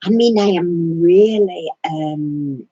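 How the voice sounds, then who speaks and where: A woman chats casually on her craft channel's live stream, wandering from thought to thought with plenty of hesitations. Her voice is husky and sits a little low. The recording is dry and a bit dull, lo-fi. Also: takes it slowly, warm tone, no room sound. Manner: rambling and hesitant, many fillers.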